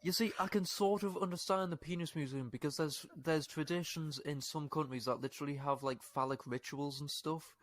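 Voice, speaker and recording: A man's voice: on the high side, brisk, few pauses, no echo. Man joking in loose podcast banter. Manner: joking, riffs on absurd facts. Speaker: podcast co-host. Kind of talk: casual comedic banter. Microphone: podcast mic in a live online session.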